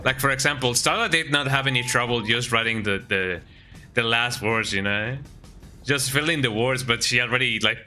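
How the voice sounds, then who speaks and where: While streaming a video game, a man with a lowish, pushed, bright voice chats casually and rambles. He often ends his remarks with a questioning "eh?".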